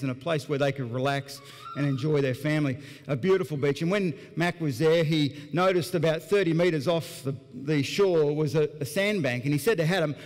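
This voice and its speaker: An Australian pastor preaching in a church auditorium, his voice sitting a little higher than most men's. He tells his story earnestly and with animation, chuckling along as he goes. A long reverb trails each phrase through the big hall. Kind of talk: sermon with storytelling.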